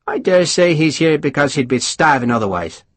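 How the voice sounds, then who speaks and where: A male narrator reads a wry, worldly engineer captain in an audiobook, speaking. He explains with dry patience, and his pitch swings up and down. The voice is husky and close. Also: very animated, moderate pace, dry recording. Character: witty, worldly Irish engineer captain, middle-aged. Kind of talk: audiobook character voice.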